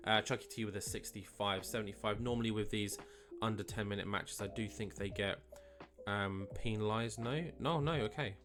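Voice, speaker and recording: Low-voiced man, laid-back let's-play narrator, faint guitar bed underneath. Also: normal speed. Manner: chatty, rambling, many fillers. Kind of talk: casual game commentary. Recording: faint guitar music behind.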